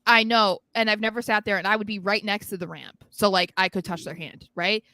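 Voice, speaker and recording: A young woman chats excitedly on a podcast, often giggling and rambling as she gets carried away. Her voice is bright and forward. The sound is dry and close. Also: mid-range voice, a little fast, no room sound. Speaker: podcast co-host. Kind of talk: casual chat.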